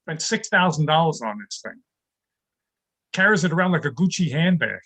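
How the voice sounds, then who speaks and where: An older man doing a stand-up comedy routine over a video call, delivering deadpan one-liners about his home life. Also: a little high, normal speed, rough recording.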